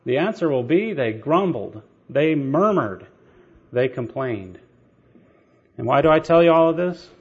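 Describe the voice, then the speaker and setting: A man preaching a sermon in a gravelly, somewhat high voice. He tells stories and asks the listeners questions along the way. The recording sounds dull and lo-fi. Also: measured pace, pauses often. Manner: animated storytelling with rhetorical questions and light laughs.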